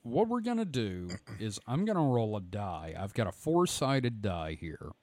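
A hoarse man co-hosting a podcast in casual, joking, profane banter. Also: on the low side, sing-song, measured pace, darkish tone, dry recording. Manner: joking, profane, reads stories aloud. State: hoarse throat. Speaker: podcast co-host.

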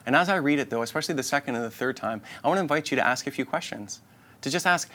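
A man delivering a sermon in an earnest, inviting way. His voice sits at a middle pitch, and he circles back over his points for emphasis. When he leads the congregation in prayer, he sinks into a hushed tone. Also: expressive, rapid-fire. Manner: earnest, repetitive, inviting phrasing; drops to a soft, low voice in prayer. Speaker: pastor.

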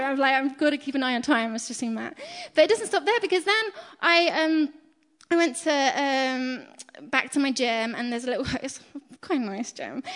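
A woman giving a chatty, storytelling sermon in a church hall, animated and quick to laugh at herself. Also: sits high. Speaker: preacher. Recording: long hall reverb.

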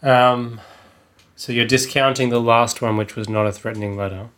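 A man's voice: medium pitch, steady tone, moderate pace, a bit bright. A man co-hosting a podcast, answering and asking quiz questions in a dry, joking, casual way. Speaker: podcast co-host.

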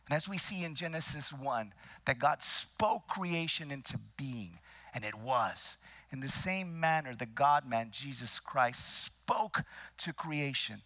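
A man preaching a sermon with dramatic, deliberate delivery, repeating phrases and dropping into whispers for emphasis. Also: on the high side, expressive, pushed and bright. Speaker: pastor.

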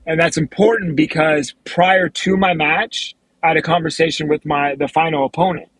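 A man's voice: on the high side, steady tone, normal speed, a bit bright, husky, dry recording, rough recording. A man, a martial arts competitor, casually telling the story of his championship celebration. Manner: easygoing, laughs along.

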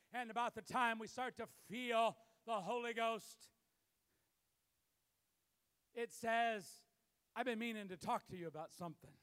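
A man preaching a sermon as pastor, building to shouted emphasis, recorded in a church. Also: extremely high pitch, clear, resonant tone. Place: church sanctuary. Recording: long hall reverb.

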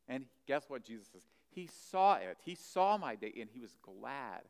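A man preaching a sermon, animated, swinging from loud emphasis to soft asides. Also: medium pitch, normal speed, few pauses. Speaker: pastor. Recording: long hall reverb.

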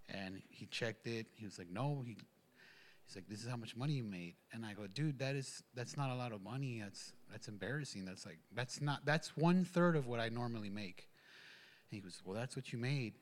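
A man telling a personal testimony at a church gathering, rambling, with many fillers and restarts. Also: mid-range voice. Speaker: church member giving a testimony. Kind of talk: casual spoken testimony.

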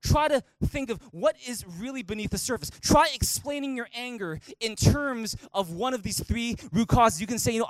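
A male pastor preaching a sermon in a church, lively and animated, often acting out voices he quotes. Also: very high-pitched, moderate pace, hardly any pauses, dry recording. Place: church auditorium.

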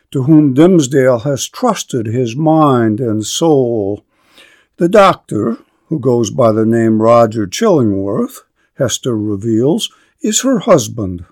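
A man reads a classic novel aloud as scripted narration, slow and deliberate. His voice sits at an ordinary middle pitch, each phrase given room to breathe. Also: darkish tone. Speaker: podcast host.

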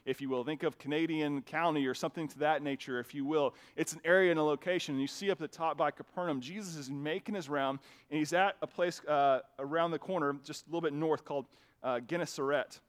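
A man's voice: a little high, brisk. A male pastor giving a sermon in a conversational preaching style that builds to emphatic bursts, speaking into a microphone in a church. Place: church sanctuary with a sound system.

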